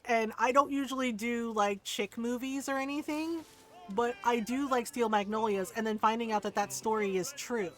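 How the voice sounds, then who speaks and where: A woman's voice: fairly high pitch, moderate pace, a little hiss or hum, low-quality recording. A woman game streamer chatting casually, telling stories with lots of laughter, swearing and mimicked voices. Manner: animated storyteller, swears freely, laughs often, mimics relatives. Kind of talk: casual chat while gaming.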